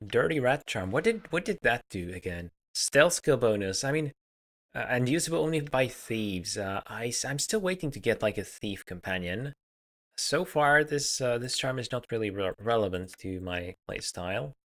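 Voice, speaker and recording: A man's voice: mid-range voice, lively intonation, moderate pace, a bit bright. A man casually commentating on a role-playing game as he plays, musing aloud with many hesitations. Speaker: let's play host.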